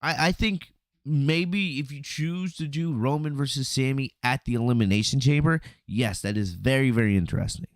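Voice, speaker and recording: Animated man recapping, dry sound. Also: medium pitch, moderate pace, no room sound. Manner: animated storytelling, acts out quotes, frequent "right?" and "you know". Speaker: podcast host reviewing wrestling. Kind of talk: casual solo review commentary.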